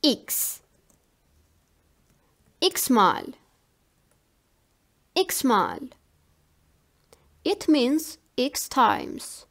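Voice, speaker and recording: A woman giving a language lesson, saying each word slowly and carefully, often twice. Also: sits high, wildly swooping pitch, a bit bright. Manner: slow, carefully enunciated word drills. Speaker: language teacher.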